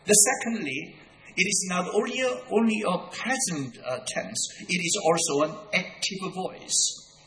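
Guy preaching, high bright voice, slow and emphatic, lots of echo from a big hall. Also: slight background noise. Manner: deliberate, emphatic, repeats key words. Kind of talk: sermon. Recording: echoey hall with long reverb.

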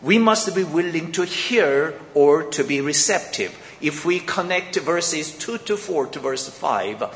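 Slow man lecturing in an echoey hall. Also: a little high, fairly bright tone, a little hiss or hum. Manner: slow, methodical, explaining grammar step by step. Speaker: bible teacher. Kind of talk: sermon-style bible lecture. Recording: echoey hall with long reverb.

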